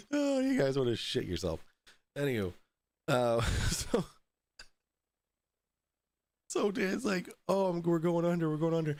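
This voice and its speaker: A man's voice: on the high side, sing-song, slow pace, creaky, pauses often, no room sound. A man hosting a podcast, telling a story in a casual, profane way, often laughing through it. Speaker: podcast host.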